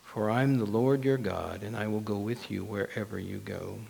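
A preacher speaking as God, calm and gentle, his voice dropped low and soft to soothe. A long reverb trails each phrase, as if in a large church. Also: moderate pace, vocal fry, breathy edge, heavily acted. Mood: reassuring. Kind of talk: sermon.

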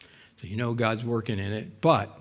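A middle-aged man preaching a sermon, animated, acting out people's doubts and asking the congregation rhetorical questions. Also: on the low side, moderate pace. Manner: animated, voices the doubts of biblical figures, rhetorical questions to listeners. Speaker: pastor.

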